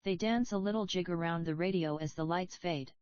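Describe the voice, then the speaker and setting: A woman reading a play's stage directions aloud for an audiobook in a plain, even manner. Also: fairly low pitch, a little fast, no room sound. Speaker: audiobook reader. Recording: slightly dull, dry recording.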